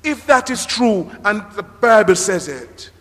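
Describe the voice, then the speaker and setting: Animated high-voiced male preacher. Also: measured pace. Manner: animated preaching with dramatic emphasis and shouts. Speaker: pastor. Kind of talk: sermon. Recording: reverberant hall.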